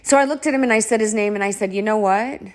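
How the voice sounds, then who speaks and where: A woman's voice: medium pitch, fast. A woman vlogger telling a personal story in a casual monologue, blunt and exasperated, swearing freely. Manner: blunt and profane, frequent swearing; exasperated, animated delivery with restarts.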